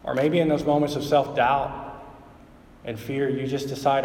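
A man's voice: medium pitch, little pitch movement, moderate pace, a little mellow, slight background noise. Man, pastor, conversational sermon, filler-heavy, roomy hall, distant mic. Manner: conversational preaching, many fillers like "like" and "right?".

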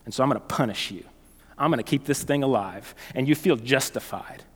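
A male pastor preaching a sermon in a conversational, animated way, telling stories and often restarting phrases. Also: medium pitch, brisk, breathy edge, in a large hall.

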